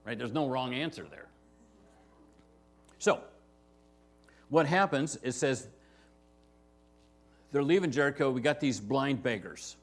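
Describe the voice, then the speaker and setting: A man's voice: mid-range voice, animated, slow pace, pauses often. A man preaching a verse-by-verse sermon as pastor, talking to the congregation in a conversational way and often asking "right?". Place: church sanctuary.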